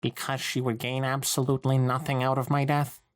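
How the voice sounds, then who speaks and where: A man's voice: mid-range voice, flat delivery, a little fast, close to an everyday voice. A man voicing an incredulous teenage girl heroine in a fan fiction read-aloud, exasperated and questioning.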